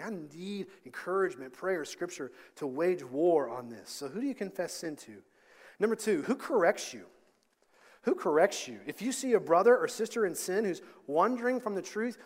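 A pastor, a man, preaching a sermon in a high voice. He presses his points with rhetorical questions and growing emphasis. His voice rings out with a long hall reverb behind it.

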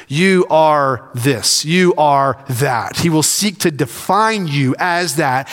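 A man's voice: fairly high pitch, fairly bright tone, long reverb tail. A man preaching a sermon as senior pastor, building emphasis through repeated phrases. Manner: preaching with rising emphasis and repetition. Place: church sanctuary.

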